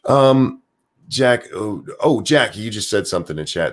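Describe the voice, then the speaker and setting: A man's voice: mid-range voice, very animated, normal speed. A man hosting a casual podcast chat, bantering in a crude, joking way. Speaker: podcast host and streamer.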